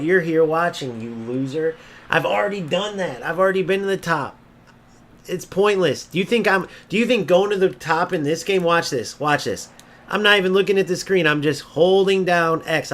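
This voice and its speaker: Ranting over a football video game stream, a brash man mocks his opponents with frequent insults and profanity. He talks at normal speed in a fairly high-pitched, fairly bright voice.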